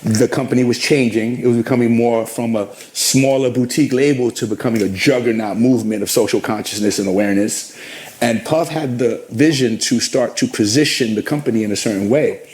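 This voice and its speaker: A man's voice: mid-range voice, fairly quick. A middle-aged man in an interview, telling long stories about his career and acting out what others said to him. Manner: animated storyteller, acts out quotes. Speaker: interview guest. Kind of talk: storytelling interview.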